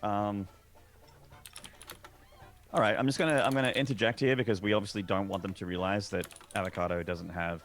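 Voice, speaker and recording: A man's voice: lowish voice, fairly even intonation, fairly quick, long pauses, a bit bright. A man playing a tabletop game with friends, in playful, joking banter. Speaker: player. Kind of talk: casual tabletop game chat.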